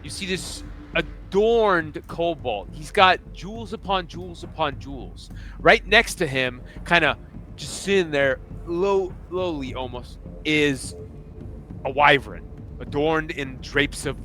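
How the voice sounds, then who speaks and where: A man's voice: fairly high pitch, measured pace, bright, forceful tone. A young man narrating as the game master of a tabletop game in a casual, loose manner full of fillers.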